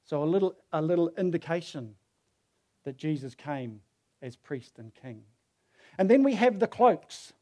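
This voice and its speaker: A man's voice: a little high, animated, a little slow, dark tone. A man preaching a sermon who tells the story casually and acts out the quoted voices.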